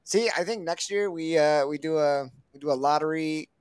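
A man's voice: on the high side, moderate pace, clean tone, no room sound. Playful teasing male podcast co-host. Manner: playful, teasing, swears casually. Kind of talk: casual podcast banter.

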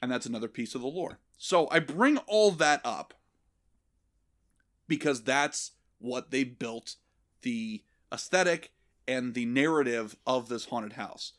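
A man's voice: medium pitch, measured pace. A man hosting a casual comedy podcast, telling a story with lots of swearing, laughter and put-on voices. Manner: animated, profane, laughing storyteller.

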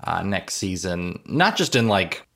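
A man's voice: low voice, sing-song, unhurried, vocal fry, fairly bright tone. A man co-hosting an awards podcast, talking casually and wryly with small laughs. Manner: wry, laughs between phrases. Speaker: podcast co-host. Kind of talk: casual chat.

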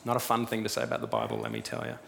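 A man preaching a sermon, retelling a story in a lively way and acting out what its figures say. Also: on the low side, rapid-fire, creaky. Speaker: pastor. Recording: long reverb with faint room noise.

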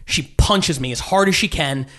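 A man's voice: fairly high pitch, normal speed. A man in his thirties, a stand-up comedian telling a story in casual chat and acting out the voices he quotes. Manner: animated, acts out quotes with swearing.

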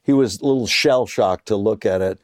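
A man's voice: lowish voice, moderate pace, no room sound, studio quality. A middle-aged man, an actor guest, telling a story in casual chat and acting out the voices of the people in it. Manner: acts out quoted voices, laughs mid-story.

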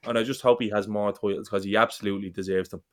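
A man's voice: lowish voice, fairly even intonation, fast. A man, co-hosting a football fan chat, talking passionately, rambling and swearing freely.

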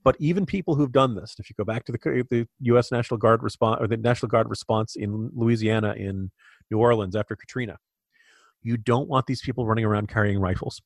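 Podcast co-host, male, lowish pitch, opinionated and exasperated, dry studio sound. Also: fairly even intonation, fast talker, no room sound. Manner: opinionated, indignant, with frequent restarts. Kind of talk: casual political commentary.

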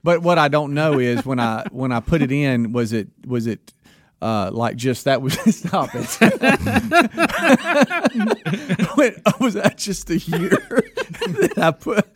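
A man's voice: a little high, sing-song, slow pace, no echo. A man working as a radio producer in morning radio banter, hesitant and chuckling through stumbling restarts.

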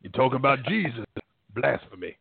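A man's voice: mid-range voice, very animated, normal speed, creaky, husky, no room sound. A man co-hosting a sports podcast in a jokey, riffing way. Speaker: podcast co-host. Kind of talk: casual chat. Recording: phone-like line.

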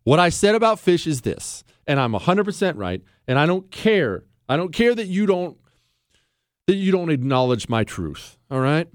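A man's voice: a little high, very animated, moderate pace, no echo, studio quality. Emphatic, combative male talk show host. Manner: emphatic, combative, teasing and repetitive. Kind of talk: opinionated monologue.

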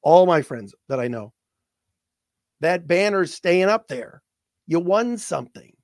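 A man hosting a sports talk show, speaking emotionally and haltingly, repeating words as his voice catches. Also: sits high, animated, dry recording, studio quality. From not from the area of the team he covers.

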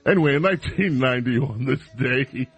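A man's voice: mid-range voice, brisk, breathy edge, dull audio, faint music behind. A man hosting a talk radio show, announcing and bantering playfully with his co-host.

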